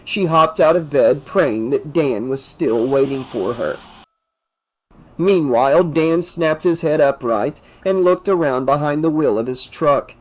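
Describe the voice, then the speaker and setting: Male narrator, slow and dramatic, lively pitch, faint music bed. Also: dull audio. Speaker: audiobook narrator. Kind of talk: audiobook reading.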